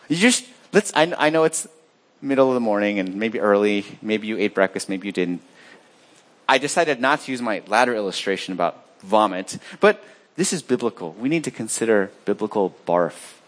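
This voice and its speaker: A pastor preaches a sermon to his church, swinging between loud, emphatic lines and quiet, low asides.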